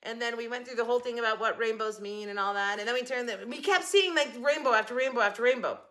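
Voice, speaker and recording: A woman's voice: fairly high pitch, fast talker, fairly bright tone. An older woman chatting casually to camera about her shopping haul, giggling and joking with someone off camera. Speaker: haul vlogger.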